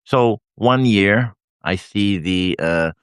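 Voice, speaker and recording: A retired older man from Canada talks in a very deep voice, rambling and self-deprecating, blunt and often laughing. The sound is dry and close, with no room around it. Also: takes it slowly, clean tone, no room sound. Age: 60s. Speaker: host of a live video stream. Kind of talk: rambling casual chat. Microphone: handheld microphone.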